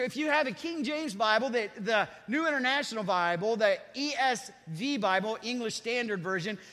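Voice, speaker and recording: A male pastor preaching a sermon, building to loud, shouted climaxes and leading the congregation in repeated phrases. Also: very high voice. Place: church sanctuary. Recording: long reverb of a church hall.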